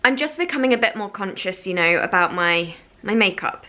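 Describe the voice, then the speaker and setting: A young woman, chatting casually through a makeup tutorial at home by a window, with lots of "like" and soft laughs. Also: mid-range voice, lively intonation, a little fast. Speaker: beauty vlogger.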